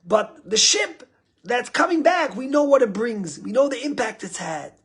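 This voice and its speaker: A man with a husky, breathy voice voicing a man on a dock, who explains his view patiently. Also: extremely high pitch, animated, moderate pace, a bit bright, pitched above the performer's own voice, heavily acted. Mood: earnest.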